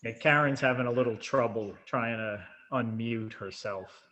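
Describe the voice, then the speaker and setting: A man's voice: mid-range voice, moderate pace, a bit bright. Older retired man, easygoing. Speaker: meeting participant. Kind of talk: casual self-introduction. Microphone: video call. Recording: muffled video call audio.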